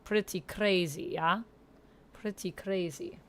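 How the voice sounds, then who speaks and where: A woman's voice: fairly low pitch, fairly even intonation, takes it slowly. A woman livestreaming a game on a headset mic, chatting playfully with viewers in a put-on Russian accent. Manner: playful, reads chat aloud, mock-serious. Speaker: gaming livestreamer. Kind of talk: casual livestream chat.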